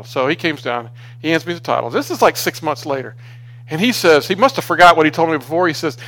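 Guy preaching thru a personal story, chatty, lots of restarts, voice a bit high. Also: brisk. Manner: conversational, restarts often, grows animated when exasperated. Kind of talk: storytelling sermon.

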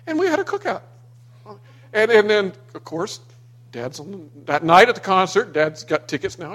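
A man's voice: fairly high pitch, fairly bright tone. A man from Florida telling personal stories about his father to a small gathering, acting out what people said. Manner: anecdotal, acts out quoted people. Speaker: speaker sharing memories of his father.

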